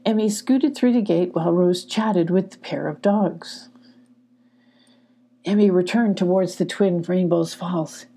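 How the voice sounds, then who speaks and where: Woman reader for a children's audiobook, calm and even, mellow warm tone. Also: fairly low pitch, a little slow, breathy edge. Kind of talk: children's storybook narration.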